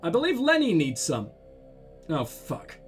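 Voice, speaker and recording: A man hosting a let's play, commenting excitedly with joking, profane asides. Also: fairly high pitch, measured pace, faint music behind. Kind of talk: gaming commentary.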